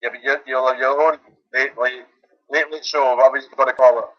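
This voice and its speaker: A man's voice: medium pitch, fairly even intonation, fairly quick, muffled recording. A Scottish man calling into a radio show, chatting in an easygoing, rambling way with lots of fillers. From Scotland. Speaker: caller. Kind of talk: casual chat.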